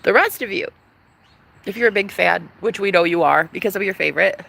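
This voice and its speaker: Brassy, gravelly woman ranting. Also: mid-range voice, fairly quick. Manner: animated, swings from loud to whispered, profane. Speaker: vlogger. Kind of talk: casual rant to camera.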